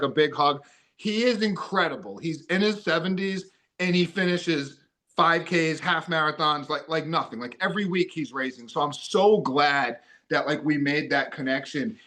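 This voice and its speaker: A man chatting on a podcast in an upbeat, excitable way, now and then breaking into loud cheering. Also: a little high. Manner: upbeat, excitable, bursts into loud cheering when quoting himself. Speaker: guest runner. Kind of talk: casual podcast chat.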